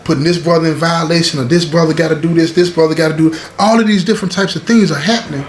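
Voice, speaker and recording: A man's voice: fairly high pitch, fairly even intonation, fast talker. A man telling a story casually and emphatically, repeating lines and speaking straight to his listeners. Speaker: storyteller host. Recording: roomy echo, faint background hiss.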